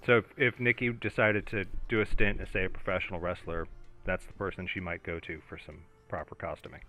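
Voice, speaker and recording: A wry man co-hosts a casual podcast with dry humor. His voice sits a little low but sounds bright, and he often restarts his phrases as he talks. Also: steady tone, brisk, soft background music. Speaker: podcast co-host. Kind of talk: casual chat.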